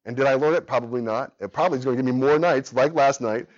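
A man's voice: medium pitch, quick pace, highs cut off. A man in his thirties teaching an adult Sunday school class, earnest and conversational, tired from a sleepless night. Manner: earnest, conversational, animated when telling stories.

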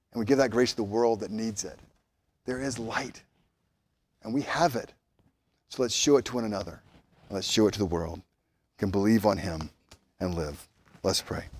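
A man preaching a sermon as pastor of a church, swinging between loud emphatic rises and quiet, low passages, closing in prayer. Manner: animated, rising loud on emphasis, dropping soft and low.

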